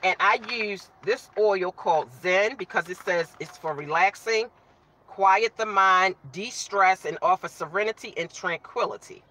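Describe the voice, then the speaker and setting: A woman's voice: medium pitch, measured pace, pushed and bright, slight background noise. A woman hosting a casual live stream, chatting with viewers, greeting them by name and talking while she eats.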